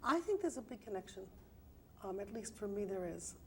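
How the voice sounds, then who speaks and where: A middle-aged woman counselor on a televised panel who speaks candidly and reflectively, often pausing with "um". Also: medium pitch, sing-song, fairly bright tone, slight background noise. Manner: reflective and candid, many hesitant "um"s.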